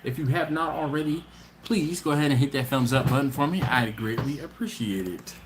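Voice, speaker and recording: A man's voice: medium pitch, fairly quick, noisy background. A man hosting a casual live stream, reading out viewer comments in a laid-back, chatty way, often laughing and trailing off mid-sentence.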